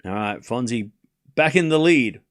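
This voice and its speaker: A young man doing live play-by-play commentary on a tennis match for his stream. He is excitable, jokes with his chat and shouts at the big points. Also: medium pitch, moderate pace.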